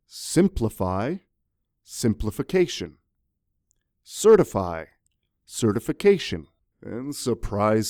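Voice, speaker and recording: Guy teaching english grammar, jokey and lively, slow delivery, dry mellow sound. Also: mid-range voice, no echo. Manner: jokey, animated, talks to viewers. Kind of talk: playful scripted grammar lesson.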